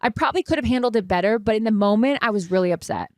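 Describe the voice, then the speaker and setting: A woman's voice: a little high, racing, dry recording. Woman podcast co-host, forties, dramatic storyteller, dry close sound. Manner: animated, dramatic retelling with swearing. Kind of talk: casual storytelling chat.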